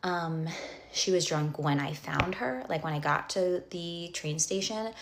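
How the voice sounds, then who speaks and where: Low, gravelly young woman telling a story. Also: a little slow, noisy background. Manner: rambling and breathless, full of fillers and restarts; drops into whispers for asides. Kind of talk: casual storytime.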